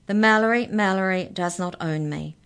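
A woman's voice: medium pitch, moderate pace, a bit bright, clear, resonant tone, pitched above the performer's own voice, lightly acted. A woman reading a storybook voicing a clever, polite mouse who speaks in a precise, formal manner. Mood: persuasive.

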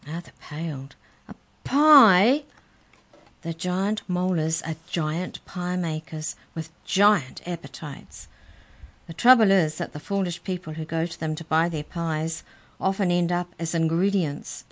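A woman reading a children's story aloud in a clear, gentle storytelling manner. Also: fairly low pitch, fairly even intonation, a little slow.

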